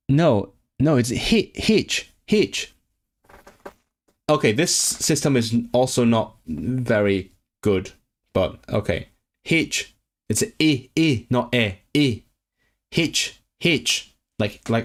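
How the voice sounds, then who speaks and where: A man's voice: medium pitch, expressive, slow pace, pauses often. A man from Hong Kong livestreaming for his chat as he learns a language, sounding out and repeating words and correcting himself aloud.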